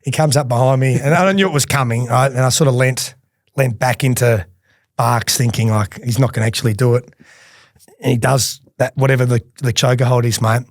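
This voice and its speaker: A man's voice: medium pitch, steady tone, fairly quick, no echo, clean studio sound. A middle-aged Australian man, a podcast guest, telling casual stories with lots of laughing and swearing. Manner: laughing, swears freely, rambling anecdotes. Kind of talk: casual storytelling.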